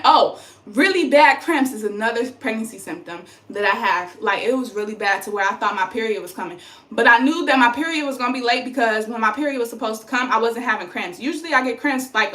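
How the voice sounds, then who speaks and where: A woman's voice: on the high side, fairly bright tone. A young woman vlogging casually to her phone about her pregnancy, chatty and rambling, tired. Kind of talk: casual chat to camera. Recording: roomy echo.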